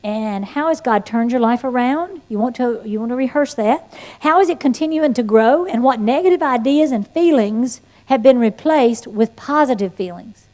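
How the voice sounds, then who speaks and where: A woman teaching an evangelism class, mixing sermon-style instruction with her own life story in a folksy, animated way. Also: on the high side, moderate pace. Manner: folksy and animated, with playful asides and shifts of tone. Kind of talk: sermon-like teaching with personal testimony.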